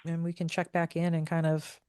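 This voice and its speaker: A woman hosting a casual group podcast, chatty and relaxed, sometimes trailing off mid-thought. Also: on the low side, fairly quick, clean tone, no room sound, clean studio sound. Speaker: podcast host.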